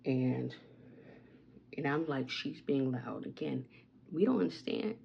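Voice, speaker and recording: A woman's voice: a bass voice, expressive, takes it slowly, creaky, highs cut off, slight background noise. A woman vlogging at home, chatting through a rambling story with asides about her makeup. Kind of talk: casual get-ready-with-me storytime.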